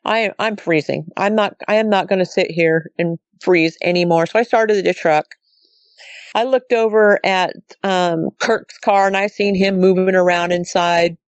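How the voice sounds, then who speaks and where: A woman's voice: lowish voice, fairly even intonation, unhurried, no room sound. A middle-aged woman from Montana telling her own story as a guest, rambling and quoting herself and others as she goes. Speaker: guest recounting a sighting. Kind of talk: casual storytelling.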